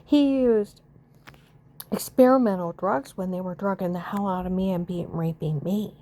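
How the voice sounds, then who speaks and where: A woman's voice: mid-range voice, moderate pace, warm tone. A woman from the United States in an angry, rambling monologue, swearing and repeating her accusations.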